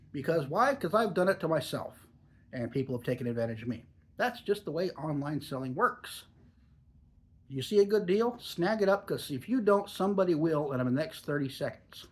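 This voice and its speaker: A man's voice: fairly high pitch, animated, moderate pace. A man in his forties talking in a chatty, rambling, easygoing way while reviewing a product for a casual vlog.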